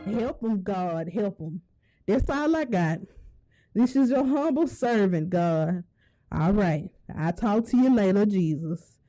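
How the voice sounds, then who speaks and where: A woman saying a soft, pleading spoken prayer from a distance. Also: mid-range voice, expressive, slow pace, faint music behind.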